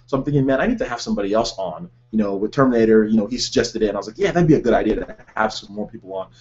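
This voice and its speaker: A man's voice: lowish voice, rapid-fire, darkish tone, highs cut off. A man hosting a gaming channel, talking casually and eagerly to viewers, rambling with fillers, a little out of breath. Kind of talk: casual vlog talk to viewers.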